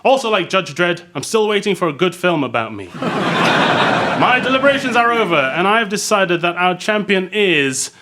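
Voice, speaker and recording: A man's voice: high voice, sing-song, moderate pace. A man hosting a comedy panel show before a live audience, wry and playful, often laughing at his own jokes. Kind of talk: chatty quiz-show hosting. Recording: loud noisy stage recording.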